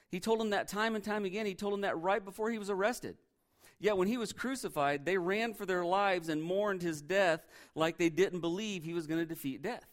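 A man's voice: high voice, a little fast. A male pastor preaching a sermon in a church, conversational and full of rhetorical questions.

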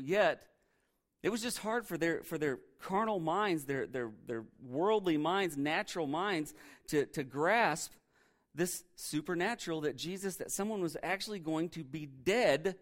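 Chatty preacher man, higher voice. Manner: conversational, asks listeners rhetorical questions. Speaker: pastor. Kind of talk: sermon. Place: church.

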